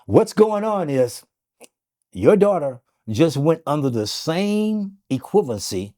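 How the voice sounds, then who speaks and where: Animated man telling a story. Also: mid-range voice, a little slow. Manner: animated, repeats phrases, acts out quotes. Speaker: interview guest. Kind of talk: emotional storytelling.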